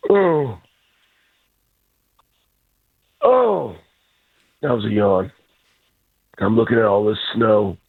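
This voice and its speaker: A man's voice: on the low side, level tone, normal speed. A man talking sports as a guest, blunt and fired up, ranting and trash-talking. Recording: tinny phone line.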